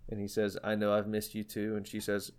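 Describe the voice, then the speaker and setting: A man's voice: fairly low pitch, monotone, brisk, darkish tone, clear, resonant tone. A young man co-hosting a casual podcast, rambling with many fillers and restarts as he retells an interview. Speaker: podcast co-host. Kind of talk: casual chat about music.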